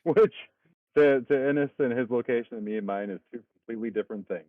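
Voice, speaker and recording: A man's voice: medium pitch, quick pace, no echo. A man giving laid-back, dry live commentary on a tabletop wargame, laughing often. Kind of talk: casual live game commentary. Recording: tinny phone-like line.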